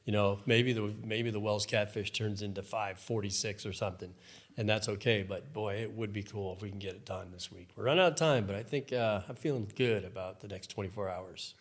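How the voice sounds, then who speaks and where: A man's voice: fairly low pitch, fairly quick. A man in his fifties, a professional angler, telling stories in a casual podcast conversation and acting out the people in them. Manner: storytelling, animated, acts out voices. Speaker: guest, professional fly fishing angler.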